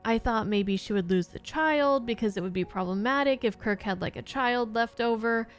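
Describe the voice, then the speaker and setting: A woman hosting her own channel, giving an earnest, heartfelt casual review of her favorite TV episodes. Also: mid-range voice. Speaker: YouTube reaction host.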